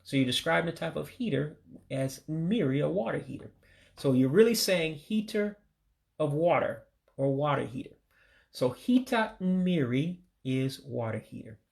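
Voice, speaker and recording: Male from the US, gravelly voice, runs a casual vocab lesson, slow patient repetition of each word. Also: a little high, lively intonation, darkish tone. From United States. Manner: religious sign-offs. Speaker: language learner teaching vocabulary.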